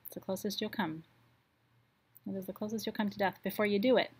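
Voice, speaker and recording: Guiding a meditation during a live online ritual, this woman speaks in a slow, soothing way and softens further when she reaches the affirmations. Her voice is medium-pitched and steady, with a breathy edge.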